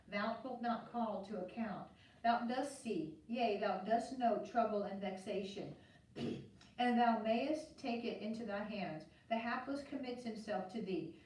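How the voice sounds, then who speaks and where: A woman with a fairly high voice reads scripture aloud in a steady, measured way, rising on each call to God. She sits far from the mic in a very echoey church, with a faint hiss underneath. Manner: steady, measured reading, lifting the voice on calls to God. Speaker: scripture reader.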